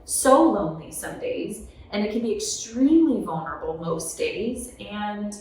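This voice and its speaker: A woman author in her thirties telling lively stories in a podcast conversation, often asking "right?". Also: mid-range voice, moderate pace, slight background noise. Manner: animated, tag questions like "right?". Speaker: author and guest. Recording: echoey room, mic at a distance.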